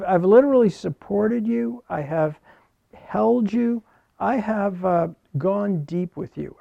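A man's voice: high-pitched, creaky, mellow, no room sound, dull audio. A man preaching a sermon, explaining a scripture passage and reading verses aloud in an earnest teaching manner. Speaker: pastor.

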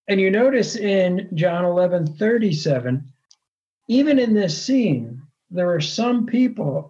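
A man pastor preaching a sermon in an earnest, measured way, often restarting his words. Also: sits high, darkish tone, muffled recording.

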